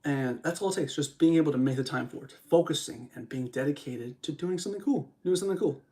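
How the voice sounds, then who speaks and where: A man's voice: on the high side, fast, mellow. A young man hosting a podcast while live streaming, rambling in a casual motivational monologue, repeating phrases and chatting to his viewers on a studio microphone.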